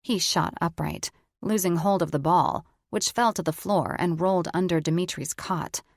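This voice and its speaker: Low-voiced woman narrating a fantasy audiobook. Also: moderate pace, dry recording, studio quality. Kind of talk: scripted fiction narration.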